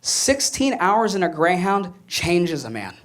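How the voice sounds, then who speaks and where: A young comedian with a high voice speaks a little slowly through his stand-up set, with a bit of hiss or hum on the recording. The comedy club audience laughs as he tells animated stories and acts out quoted voices.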